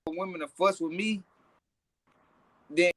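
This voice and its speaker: A man's voice: sits high, slow, fairly bright tone, dry recording. Rambling man, dry close sound. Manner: rambling, restarts often, coarse slang. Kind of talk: casual chat.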